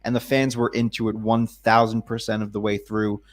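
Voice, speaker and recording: A man co-hosting a casual podcast, enthusiastic and listing points in a steady rhythm. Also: lowish voice, a little fast. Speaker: podcast co-host. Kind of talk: casual chat.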